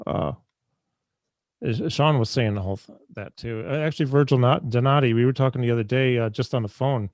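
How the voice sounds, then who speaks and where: A man hosting a casual video-call interview, chatty and enthusiastic, with lots of quick agreeing sounds. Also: mid-range voice, darkish tone, dry recording. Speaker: interview host.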